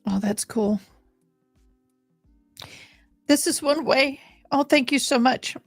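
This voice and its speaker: A woman with a high voice speaks slowly as she livestreams a game, chatting easily and addressing her viewers head-on. Game music is faintly audible. The recording is clean, studio-grade, and echo-free.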